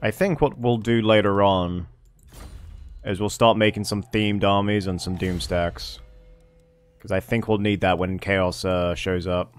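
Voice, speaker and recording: A man's voice: low-pitched, fairly even intonation, measured pace, clean tone. A man giving casual commentary as he plays a strategy game, thinking aloud and swearing under his breath. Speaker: gameplay streamer. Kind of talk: casual let's-play commentary.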